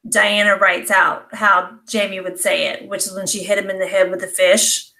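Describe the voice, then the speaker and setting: Woman from South Carolina, podcast co-host with quick joking asides. Bright, sharp voice at middle pitch. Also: flat delivery. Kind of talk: casual book discussion chat.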